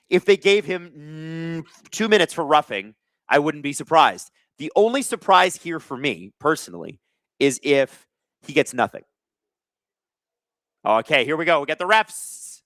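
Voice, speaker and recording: A man hosting a live hockey watch-along, reading viewer chat aloud and calling plays with excitable energy. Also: a little high, measured pace, no room sound, studio quality.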